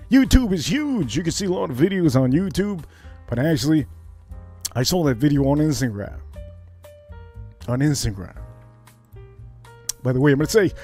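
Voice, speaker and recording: A man hosting a livestream, telling a story in a casual, profane, animated way and acting it out. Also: on the high side. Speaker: livestream host.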